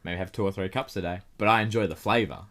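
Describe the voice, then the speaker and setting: A man's voice: low-pitched, quick pace, a bit bright. A young man co-hosting a podcast, chatting casually with dry, teasing humor. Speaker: podcast co-host. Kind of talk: casual chat.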